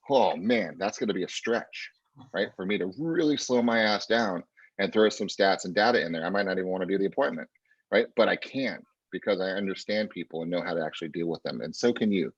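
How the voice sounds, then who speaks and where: A man's voice: low voice, fairly quick, no echo. A man coaching real estate agents over a video call, driving his points home with lots of "right?" and "pay attention". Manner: energetic coaching, repeats "right?" and "pay attention", acts out client quotes. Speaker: real estate sales trainer. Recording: muffled dry lo-fi audio.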